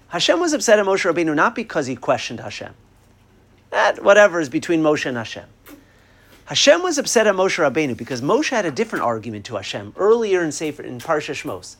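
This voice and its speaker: Animated high-voiced man teaching Torah. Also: a little fast. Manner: animated, quoting Hebrew texts and acting out exchanges. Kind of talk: Torah class on the weekly portion.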